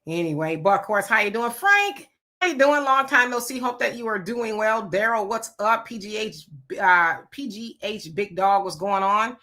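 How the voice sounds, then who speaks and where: Bright-voiced woman hosting a livestream. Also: medium pitch, animated, moderate pace. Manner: chatty, greets viewers by name. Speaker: livestream show host. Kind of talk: casual live-stream chat.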